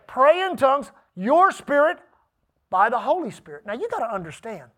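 Male preacher, high-pitched, emphatic, calls for congregation responses, big swings from shouts to hushed asides. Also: sing-song, moderate pace. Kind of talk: sermon.

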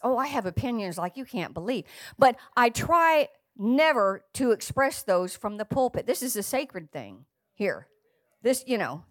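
An older woman preaching a sermon from the pulpit of a church, chatty and playful, with bursts of excitement. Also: a little high, no echo, studio quality. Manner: lively, chatty and playful, sings snatches of a song. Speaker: guest preacher. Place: church sanctuary.

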